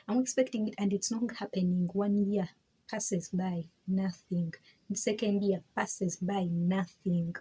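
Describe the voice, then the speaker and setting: A woman's voice: medium pitch, steady tone, measured pace, mellow, breathy edge, low-quality recording. A woman giving a candid personal faith testimony, emphatic and frank, repeating herself and laughing between points. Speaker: vlogger sharing her faith testimony.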